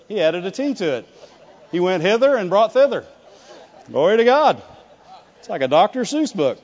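High-voiced man preaching in echoing hall. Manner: animated, swings between loud declarations and hushed asides; laughs often, calls for "Amen" and "Right". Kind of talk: sermon. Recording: dull lo-fi sound with long hall reverb.

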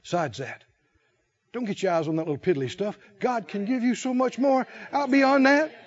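A man preaching a sermon in a folksy, animated way, chuckling and acting out little voices. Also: high-pitched, normal speed. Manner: animated, folksy, laughs often, acts out voices. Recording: dull lo-fi sound.

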